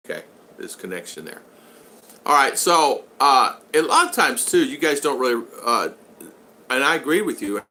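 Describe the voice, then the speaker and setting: A man's voice: medium pitch, sing-song, moderate pace, sharp tone. An older man hosting a casual live-stream vlog, rambling along and reading out viewer comments. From United States. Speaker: vlog host.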